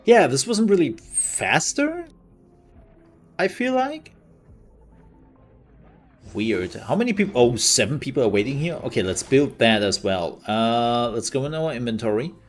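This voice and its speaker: A man giving relaxed, chatty commentary as he streams a game and thanks his viewers. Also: medium pitch, unhurried, long pauses, soft background music. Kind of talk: casual gameplay commentary.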